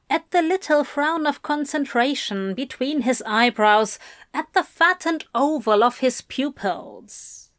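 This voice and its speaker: A woman reads a story aloud, slow and unhurried, her words laid out softly and carefully. Her voice sits a little high for a woman. The recording is close and dry, with no room around it. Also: no room sound. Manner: slow, measured, soft-spoken reading. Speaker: reader. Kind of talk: reading fan fiction aloud.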